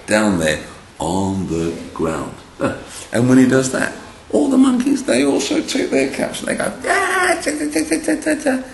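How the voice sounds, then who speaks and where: A man with a deep voice tells a children's story and demonstrates felt figures in a chatty, animated way, often speaking to the kids. His pitch rises and falls a lot. The recording has a roomy echo and a faint background hiss.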